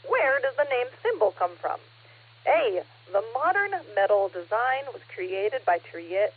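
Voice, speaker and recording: A woman's slightly husky voice comes through a thin, band-limited radio link. She reads a trivia question aloud with a playful, teasing manner. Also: a little high, sing-song, measured pace. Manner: playful, joking. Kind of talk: casual radio chat. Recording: tinny radio transmission.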